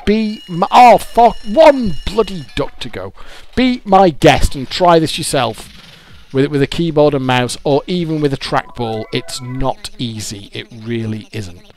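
A man's voice: on the high side, measured pace, a little mellow, faint music behind. A British man swearing and grumbling in exasperation as he gives gameplay commentary on a YouTube video. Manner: swearing, exasperated, self-mocking.

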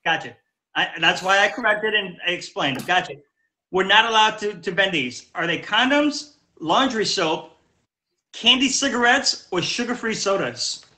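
A man hosting a live-stream trivia game, upbeat and reading the answer options out slowly as a list. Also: high voice, animated, pushed and bright, reverberant. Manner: upbeat, repeats questions slowly, reads options as lists. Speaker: game show host.

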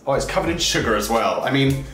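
A man's voice: mid-range voice, expressive, quick pace, a bit bright. A young man hosting a casual taste-test vlog, chatty and exclaiming as he talks to his viewers. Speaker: YouTuber host. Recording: echoey room with light music.

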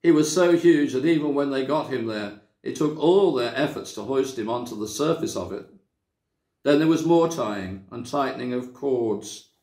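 A man from a church reading a children's story aloud, with measured, dramatic storytelling. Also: medium pitch, lively intonation, mellow. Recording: echoey room.

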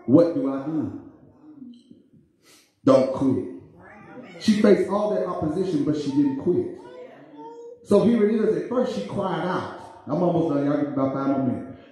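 A man's voice: on the high side, moderate pace, dark tone. A man preaching a sermon as minister, with rhythmic repetition that rises into hollers. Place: church sanctuary. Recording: very echoey church sanctuary.

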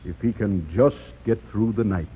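A grave quiet doctor, low voice, tinny reverberant old radio. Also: male voice, normal speed, slightly rough.

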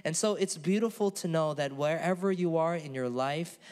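A man preaching in a church with a fairly high voice for a man. He talks earnestly and with emphasis, in a warm conversational sermon style. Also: moderate pace, in a large hall. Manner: earnest, emphatic, calls on the congregation to repeat words. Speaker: pastor.

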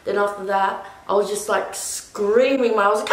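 A woman's voice: mid-range voice, steady tone, fast talker, hardly any pauses. Chatty young woman in an echoey room. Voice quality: rambling, full of "like". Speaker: vlogger. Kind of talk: casual storytelling.

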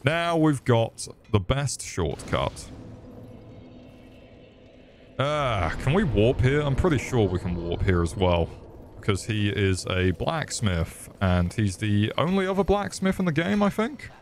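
This gamer's medium-pitched voice swings widely in pitch, and he talks a little slowly, swearing and joking with his chat as he plays. The casual commentary carries a slight hiss or hum.

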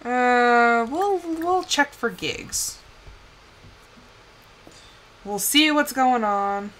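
A young woman with a slightly high, fairly bright voice speaks extremely slowly while streaming a life-simulation game. She chats casually, laughs often, and talks to the characters on screen in this relaxed live-stream commentary.

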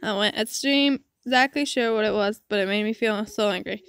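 A woman's voice: medium pitch, brisk, fairly bright tone, smooth, no echo. A young woman reading a visual novel aloud, narrating and voicing the heroine with earnest emotion. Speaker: game player reading aloud.

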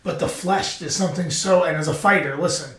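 A middle-aged man with a high voice hosts a podcast in a studio, talking in a profane, rambling, animated way. His voice sounds roomy and set back from the mic. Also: brisk, far from the mic. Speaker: podcast host and fighter. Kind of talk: casual studio chat.

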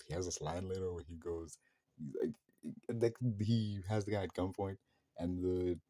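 A man's voice: low-pitched, moderate pace, mellow, dry recording. A man giving a casual, rambling spoken film review, full of slang and swearing. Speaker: movie reviewer.

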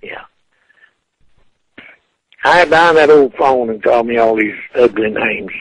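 An angry man trades insults down a phone line. His voice is gravelly and a little husky, and he swears and taunts without letting up. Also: mid-range voice, lively intonation, measured pace, no room sound. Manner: profane, furious, taunting. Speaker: prank call target.

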